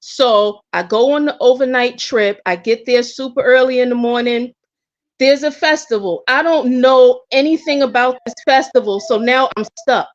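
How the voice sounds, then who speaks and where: A woman with a slightly high voice tells a personal story with candid energy, often stumbling and restarting mid-sentence. The audio is somewhat dull and lo-fi. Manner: candid, animated, with frequent restarts. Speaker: guest. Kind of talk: casual storytelling.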